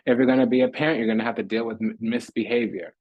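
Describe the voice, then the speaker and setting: A man's voice: mid-range voice, fairly even intonation, fast talker, dry recording, lo-fi sound. A man giving a spiritual tarot reading monologue, preaching in repetitive, rhythmic lists. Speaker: tarot reader.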